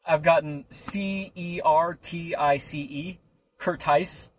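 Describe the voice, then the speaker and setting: A man's voice: a little high, slow pace, dry recording. A young man hosting a podcast, rambling through a story in casual chat and acting out the people in it. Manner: rambling, animated, acts out quoted people. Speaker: podcast host.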